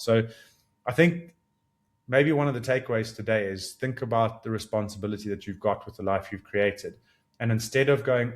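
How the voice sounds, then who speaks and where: A man in his thirties hosts a solo podcast, reflecting aloud in an earnest, searching, animated way. His lowish voice moves at a moderate pace, rising with excitement and settling as he reflects. He frequently restarts sentences as he thinks out what he means.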